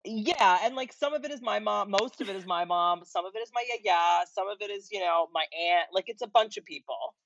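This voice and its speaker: A woman guest who makes comedy videos, talking in a relaxed, rambling way. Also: mid-range voice, a little fast, hardly any pauses, a little hiss or hum. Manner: relaxed, rambling, many fillers. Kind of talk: casual interview chat. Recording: dull dry remote audio.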